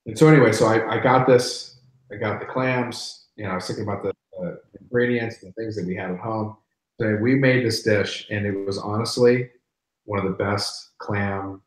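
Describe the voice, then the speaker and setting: Animated barbecue-host man in an echoey room. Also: on the low side. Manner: animated, repeats words as he talks. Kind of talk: casual live-stream chat.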